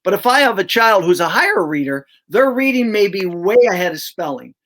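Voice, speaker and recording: A man's voice: high-pitched, big pitch swings, a little fast, a bit bright. An older man, a reading coach, explaining his teaching method in an emphatic, conversational way, sounding out syllables aloud as he goes.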